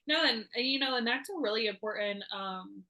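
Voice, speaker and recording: A woman's voice: a little high, brisk, sharp tone. A woman hosting a podcast, chatting casually and rambling a bit with lots of fillers. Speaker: podcast host. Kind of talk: casual chat.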